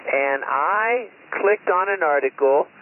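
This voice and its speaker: A man's voice: a little high, lively intonation, slow pace. A man running an amateur radio net, using radio procedure and adding mocking asides while reading the news aloud. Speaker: ham radio net control operator. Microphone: radio transceiver mic. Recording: tinny two-way radio audio with noise.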